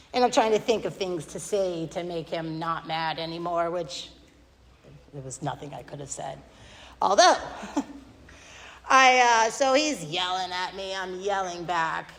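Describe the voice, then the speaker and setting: A woman giving a candid, self-deprecating recovery meeting share at a podium mic, rambling with many fillers. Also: lowish voice. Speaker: AA speaker. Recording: long hall reverb.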